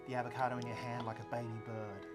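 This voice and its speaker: A woman's voice: rumbling low, level tone, very fast, loud music behind the voice. A woman hosting a playful cooking-show parody in a bubbly presenter voice. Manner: bubbly put-on presenter voice, giggly.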